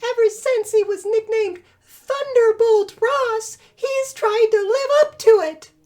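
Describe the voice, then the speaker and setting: A woman voicing a prim young woman in a comic read-aloud, in a high squeaky falsetto that cracks. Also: takes it slowly, darkish tone. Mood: pleading.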